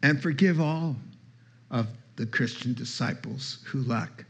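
A man's voice: medium pitch, measured pace, vocal fry, a bit bright, highs cut off, slight background noise. A male pastor preaching a sermon, emphatic, quoting scripture and chatting with the congregation.

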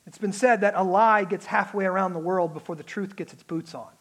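A man preaching a sermon, animated, acting out the mocking voices of enemies. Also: sits high, fairly quick. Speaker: pastor.

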